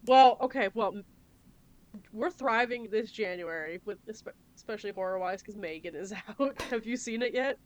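A woman's voice: medium pitch, normal speed. A woman co-hosting a podcast in casual chat, laughing often and swearing casually. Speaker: podcast co-host.

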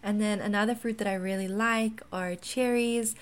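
A woman's voice: mid-range voice, steady tone, moderate pace. A woman from South Africa with a mixed South African accent, chatting casually in a vlog, rambling with lots of ums. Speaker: wellness content creator.

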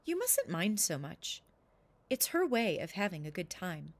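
A woman voicing a calm, kind old man in a storybook who soothes a child. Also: lowish voice, measured pace, exaggerated voice. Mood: soothing.

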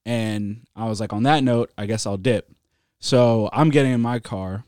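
Here the same sort of relaxed co-host rambles through a lengthy story, swearing freely and chuckling at himself. He has a somewhat low, slightly mellow voice at a normal pace, with a bit of background noise.

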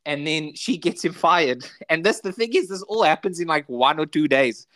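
A man's voice: on the high side, lively intonation, moderate pace, a bit bright. A man with a South African accent, co-hosting a podcast, rambling through episode recaps in casual chat full of filler words. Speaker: podcast co-host.

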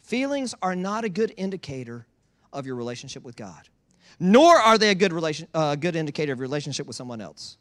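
A pastor preaching a sermon, emphatic and repetitive, asking the congregation rhetorical questions and sometimes dropping into quiet asides. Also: male voice, fairly high pitch, big pitch swings, fast. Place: church in Georgia.

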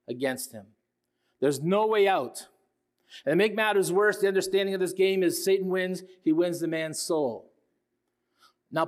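An earnest man in his sixties delivers a sermon in a somewhat high voice. He keeps circling back to his key phrases and stops to put questions to the congregation. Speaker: pastor.

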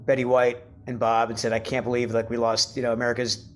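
A man's voice: mid-range voice, monotone, fast, a little hiss or hum. Reflective man recalling old times. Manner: reflective and soft-spoken, with stammered restarts. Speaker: actor guest. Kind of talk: casual chat.

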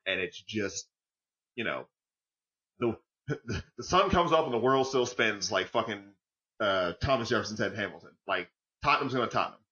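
A man's voice: lowish voice, pushed and bright. A man co-hosting a football podcast in casual, joking chat, swearing freely and rambling between points. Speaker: podcast co-host, football fan. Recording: dull lo-fi audio.

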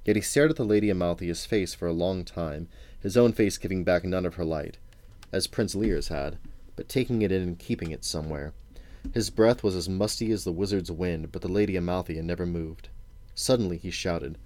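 A father reads a novel aloud to his sons, his voice deep and low. The sound is dry and close, and the storytelling is measured and unhurried. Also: a little mellow, no echo. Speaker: parent reading to his children.

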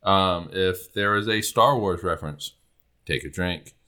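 A man's voice: low-pitched, a little slow, bright, forceful tone. A man hosting a casual astronomy podcast, rambling with many fillers. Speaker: podcast host.

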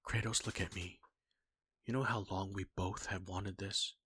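A man voicing a pleading, eager young woman in a fan-fiction reading, with a husky, breathy voice. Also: deep voice, fairly even intonation, unhurried, sharp tone, no echo, clean studio sound, exaggerated voice. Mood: insistent.

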